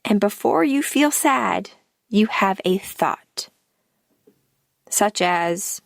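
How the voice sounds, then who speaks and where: A woman coaching through a podcast episode in an unhurried, measured way, letting her sentence ends fall away into breath. Her voice carries a gravelly, creaky texture. The recording is close and dry, with no room sound. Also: mid-range voice, lively intonation, no room sound. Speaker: life coach, podcast host. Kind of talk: slow scripted podcast monologue.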